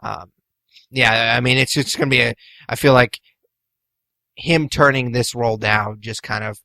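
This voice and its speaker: A man with a forceful, mid-pitched voice co-hosts a podcast. He gives blunt, skeptical opinions in casual chat, recorded close and dry. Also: steady tone, normal speed, gravelly, dry recording. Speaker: podcast co-host.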